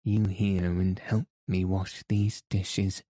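A man's voice: sits low, flat delivery, slow, warm tone, dry recording. A man reading the part of a blunt, nagging woman housekeeper who scolds in an audiobook. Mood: scolding.

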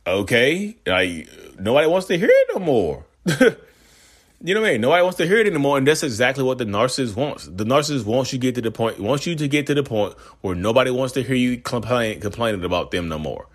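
A man's voice: mid-range voice, big pitch swings, quick pace. A man ranting in a casual monologue, rambling and repeating himself as he acts out quoted voices. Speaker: self-aware narcissist vlogger.

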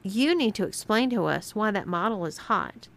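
A woman's voice: medium pitch, expressive, normal speed, vocal fry. A woman voicing a bossy young woman who mocks and gives orders, with a teasing, commanding manner.

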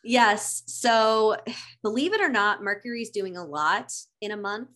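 A woman co-hosting a casual astrology chat, animated and playful, laughing often as she explains things. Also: medium pitch, measured pace. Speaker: astrology podcast co-host.

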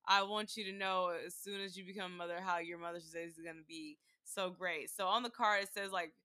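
A woman's voice: lowish voice, a little fast, no echo, clean studio sound. A young woman in her twenties chatting casually as co-host, telling stories with acted-out quotes. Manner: animated storyteller who acts out quotes. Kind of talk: casual chat.

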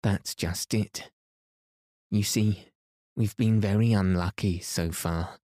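A man voicing a gentle, polite young girl in a bedtime storybook reading, speaking earnestly and kindly. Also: lowish voice, steady tone, takes it slowly, no echo, clean studio sound.

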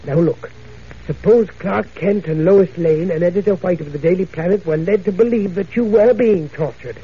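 An actor playing a cunning, self-satisfied male villain in a 1940s radio drama, mocking and smooth. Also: high voice, normal speed. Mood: gloating. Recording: dull old radio recording, faint hiss.

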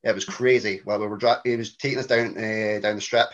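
A man's voice: fairly low pitch, fairly even intonation, fairly quick, a bit bright. Scottish guy w glasgow accent, swears, rambles, muffled remote call sound. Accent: Glaswegian. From Scotland. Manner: rambling, swearing, self-mocking. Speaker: podcast guest. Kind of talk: casual storytelling chat.

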